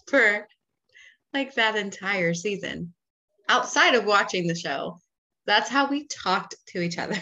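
Casual female co-host, thirties, crisp bright tone, laughs easily. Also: medium pitch, slow, long pauses. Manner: animated, laughs often. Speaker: podcast co-host. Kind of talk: casual chat.

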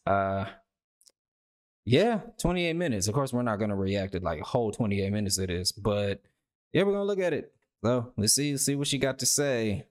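A man's voice: on the low side, lively intonation, moderate pace. Guy doing a reaction vid, rambly casual talk, lots of bro and like. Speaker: reaction video host.

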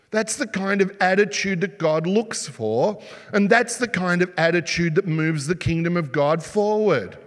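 Guy preaching a sermon, kinda high voice, lots of "right?" questions, big echoey hall. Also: unhurried. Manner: animated storytelling, asks the congregation rhetorical questions. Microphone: sermon mic, mask just taken off. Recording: long hall reverb.

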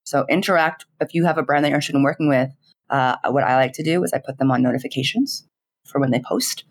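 A young woman, a streamer, chatting in an interview in a giggly, animated way, full of fillers and quoted dialogue. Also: sits low, fast talker. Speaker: streamer and content creator. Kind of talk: casual interview chat.

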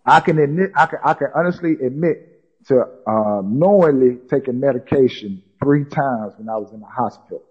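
A man tells a long personal story, repeating "she said" as he quotes people. His voice is husky and mid-pitched, and the recording sounds a little muffled. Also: normal speed. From South Carolina, US. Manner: repetitive quoting with many "she said" tags. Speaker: guest. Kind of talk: storytelling in conversation.

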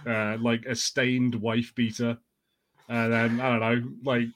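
A man's voice: medium pitch, little pitch movement, slow, fairly bright tone, dry recording. A man co-hosting a casual podcast, hesitant and filler-heavy, teasing the others. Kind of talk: casual chat.

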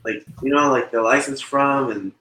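Young dude cohost, bright voice, cusses a lot, echoey room. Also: male voice, medium pitch, moderate pace. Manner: loose storytelling, swears, laughs often. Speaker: podcast co-host. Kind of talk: casual chat.

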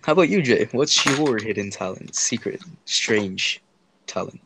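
A teenage boy chatting casually on a remote call, relaxed and a little hesitant. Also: lowish voice, a little slow, gravelly, background noise. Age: teens. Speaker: co-host. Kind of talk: casual chat.

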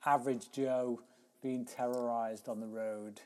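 A man co-hosts an easygoing film chat. He speaks slowly, at a middling pitch for a man. He is relaxed and tends to repeat a word before settling into his point. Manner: relaxed, repeats words when starting a thought. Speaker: podcast co-host. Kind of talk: casual film review chat.

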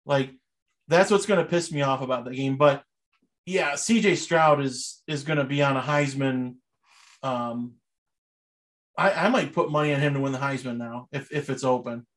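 A man's voice: medium pitch, moderate pace. A young man co-hosting a casual podcast, chatting loosely about sports and movies and laughing often. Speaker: podcast co-host.

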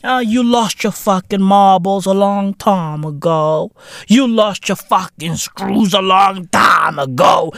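A South African man rants on his podcast at an unhurried pace, his pitch leaping wildly from high shouts to low grumbles. He swears in nearly every sentence. The recording is dry and close, with no room sound. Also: no room sound. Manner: profane, swings from shouting to low muttering. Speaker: podcast host. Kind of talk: comedic podcast rant.

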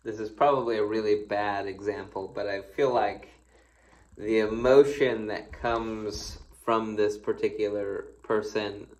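A man's voice: on the low side, rough recording. A man, a pastor, giving a casual devotional, reading scripture aloud and then commenting in a folksy, playful, conversational way. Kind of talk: casual devotional Bible teaching.

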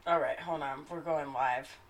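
A woman's voice: low-pitched, steady tone, moderate pace, slight background noise, poor audio. A woman co-hosting a casual podcast, reacting and laughing often. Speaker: podcast co-host. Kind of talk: casual chat.

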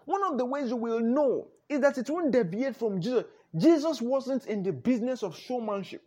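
Male pastor, high and husky, emphatic sermon delivery with frequent repetition. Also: a little mellow. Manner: emphatic, repeats "no, no", chuckles often.

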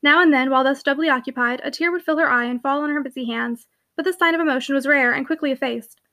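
A woman reading a classic novel aloud, narrating briskly with lightly voiced dialogue. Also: high-pitched, sharp tone. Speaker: audiobook reader.

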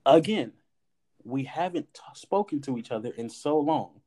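Speaking a little high at normal speed, this man hosts a podcast and relates a personal story casually. He's animated, performs the quoted dialogue, and curses occasionally.

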